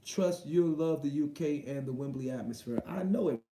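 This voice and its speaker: A man's voice: a little high, moderate pace, mellow, reverberant, a little hiss or hum. A man hosting a boxing livestream, reading viewer comments aloud and reacting in loose, slangy, profane casual chat.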